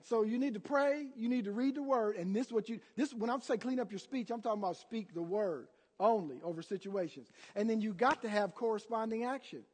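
A man's voice: high voice, fairly quick, hardly any pauses, a little mellow, slightly rough, big-room sound. A man preaching a sermon as pastor, emphatic and calling out to the congregation for answers. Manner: emphatic, call-and-response preaching.

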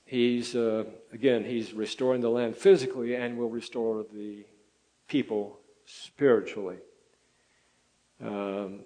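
An older man preaching a sermon in a folksy, halting way, with many fillers and restarts. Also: mid-range voice, a little mellow, low-quality recording. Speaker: pastor.

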